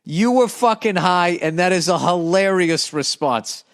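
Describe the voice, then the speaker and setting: A man's voice: high-pitched, expressive, unhurried, fairly bright tone. A middle-aged man hosting a podcast, reading listener mail and riffing on it in a profane, sarcastic rant. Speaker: comedian podcast host.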